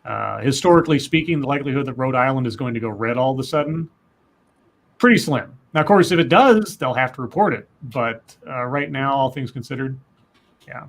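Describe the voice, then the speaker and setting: A man hosting a live stream, going over results in a measured, hedging way and reading out viewer comments. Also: medium pitch, creaky. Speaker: host.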